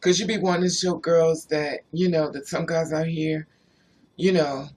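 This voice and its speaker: A man's voice: fairly high pitch, little pitch movement, normal speed, darkish tone, slight background noise. A man on a casual livestream who tells rambling personal stories and answers viewers' chat comments as he goes.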